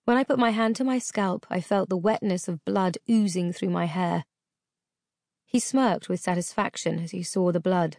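A woman narrating a first-person memoir audiobook in a measured, steady reading. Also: lowish voice, gravelly, no echo, studio quality.

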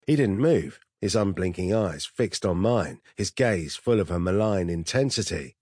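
Deep husky male narrator. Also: expressive, moderate pace, few pauses, darkish tone, no echo, clean studio sound. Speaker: audiobook narrator. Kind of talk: first-person scripted narration.

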